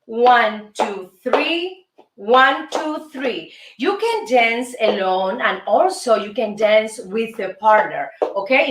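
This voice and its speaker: A woman with a high voice leads a casual salsa lesson, chatty and playful, counting the steps aloud. She speaks at a slow, easy pace. The sound is roomy and distant, with music in the background. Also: animated, a little hiss or hum. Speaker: host and dance teacher.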